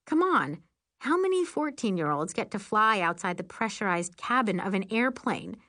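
A woman's voice: medium pitch, normal speed, no echo, clean studio sound. Wry woman audiobook narrator. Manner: lively, wry, expressive. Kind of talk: first-person audiobook narration.

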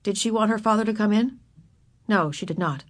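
A woman reading a children's story aloud, expressive and putting on voices for the characters. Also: mid-range voice, a little fast. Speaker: narrator. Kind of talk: children's book read aloud.

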